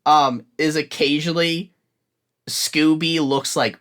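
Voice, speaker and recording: A man's voice: a little high, steady tone, takes it slowly, a bit bright, smooth. Rambling young man, casual podcast chat. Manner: rambling, reads out a long list while looking things up. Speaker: podcast co-host.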